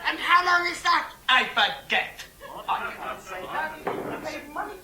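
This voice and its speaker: An actor playing a weary old man in a live absurdist sketch, declaiming and shouting his lines slowly. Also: extremely high pitch, sing-song, crowd noise, full character voice. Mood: declamatory. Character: weary absurdist old men waiting for time. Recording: echoey live club tape.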